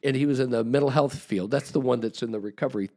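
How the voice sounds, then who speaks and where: A man's voice: medium pitch, fast, dark tone. A man guest on a podcast, telling a long, rambling story with restarts and acted-out quotes. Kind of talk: casual storytelling.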